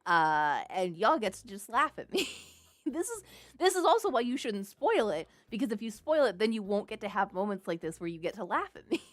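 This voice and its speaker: A woman's voice: mid-range voice, very animated, fairly quick, no room sound. A woman from Texas, chatting through a game for her viewers, jumpy and giggly. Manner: jumpy, giggly, talks to chat. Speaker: game streamer. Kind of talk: live game commentary.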